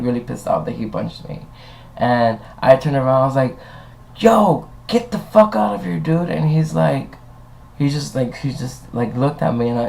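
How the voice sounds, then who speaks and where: A man's voice: mid-range voice, darkish tone, rough recording. A young man talking casually to a webcam, rambling and swearing as he tells stories. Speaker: vlogger. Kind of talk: casual chat.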